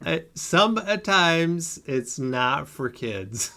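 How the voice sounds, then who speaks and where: A man's voice: a little high, very animated, drawn-out words, sharp tone. A man co-hosting a podcast in casual chat, hesitant and full of filler sounds. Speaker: podcast co-host.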